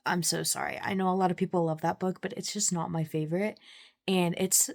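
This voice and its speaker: A woman's voice: fairly low pitch, steady tone, brisk, creaky. A young woman vlogging her reactions to a book, chatty and full of "like", with gushing exclamations. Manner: chatty, fills speech with "like". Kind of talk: casual reading-reaction vlog.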